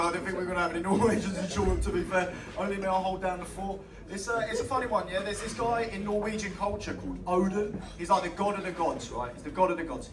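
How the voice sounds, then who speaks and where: A man's voice: high-pitched, far from the mic. A young man from England performing a stand-up set, swearing freely and bantering with the crowd. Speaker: stand-up comedian. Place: small comedy club. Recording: echoey club room, mic heard from afar, loud crowd. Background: audience laughing.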